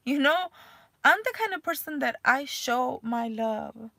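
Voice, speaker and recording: A woman's voice: sits high, animated, measured pace, vocal fry, pushed and bright, no echo. A woman in her thirties, a mother, talking candidly in a rambling personal vlog full of fillers. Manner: emotional, voice rising and cracking near tears.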